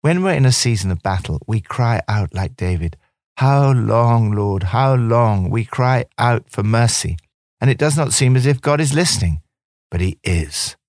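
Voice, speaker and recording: A man presenting scripted devotional commentary in a gentle, earnest, encouraging way. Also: medium pitch, very animated, moderate pace, dry recording, clean studio sound.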